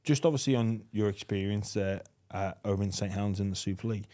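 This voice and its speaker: A man hosting a podcast, chatting casually and telling stories in an animated way, from England. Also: on the low side, fast. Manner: animated storyteller, acts out voices with laughs. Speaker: podcast host. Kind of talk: casual interview chat.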